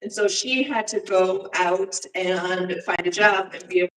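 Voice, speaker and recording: Woman, church speaker presenting slides, halting delivery with frequent fillers, distant and echoey room sound. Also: lowish voice, steady tone, a bit bright. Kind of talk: informal presentation to a congregation. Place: church sanctuary.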